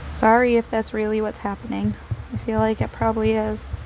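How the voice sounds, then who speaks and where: A woman's voice: fairly high pitch, monotone, brisk, a little mellow, faint music behind, rough recording. A woman hosting a casual crafting video, chatting and joking at herself as she works. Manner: chatty, self-deprecating, talks to herself while working.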